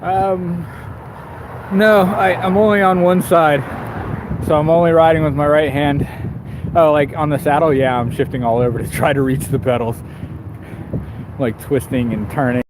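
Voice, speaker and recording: A man's voice: fairly high pitch, steady tone, moderate pace, pauses often. A man streaming live while riding a bike through town, rambling and self-deprecating with frequent laughs. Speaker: bike shop owner and vlogger. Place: outdoors on town streets with passing traffic. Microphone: camera on the rider, action camera. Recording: outdoor street noise from traffic. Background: traffic and street sounds.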